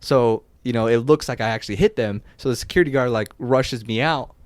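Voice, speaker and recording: A young man on a podcast telling a story casually, loose and animated, full of filler words and swearing. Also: medium pitch, a little fast, dry recording. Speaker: podcast co-host.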